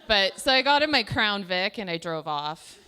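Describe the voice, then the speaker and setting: Woman, stand-up comic, self-deprecating, rambling "like" storytelling, sharp clear tone. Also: mid-range voice, big pitch swings, moderate pace. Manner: self-deprecating, chatty, filled with "like". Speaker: stand-up comedian. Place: small comedy show stage.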